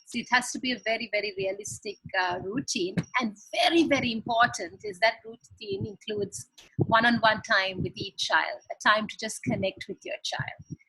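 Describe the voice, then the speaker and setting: A woman's voice: on the high side, sing-song, moderate pace, vocal fry, bright, forceful tone, husky, dry recording, poor audio. A woman giving earnest parenting advice on a video call, explaining with examples. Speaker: parenting guest expert.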